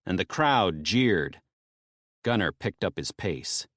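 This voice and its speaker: A man narrating an audiobook with tense storytelling, dropping low and soft in grim moments. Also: animated, takes it slowly, no room sound, clean studio sound.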